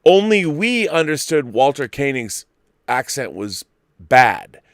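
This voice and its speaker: A middle-aged man hosting a late-night live-stream chat, ranting and swearing with loud bursts. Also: medium pitch, big pitch swings, takes it slowly, no room sound, clean studio sound. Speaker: host.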